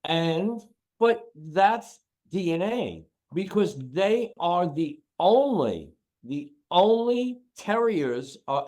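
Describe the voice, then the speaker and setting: A man speaking as a guest on a podcast, telling stories about his work with dogs. He talks in an animated, emotional way, his pitch jumping around as he repeats phrases for emphasis. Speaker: dog trainer and author, podcast guest. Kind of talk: casual interview talk.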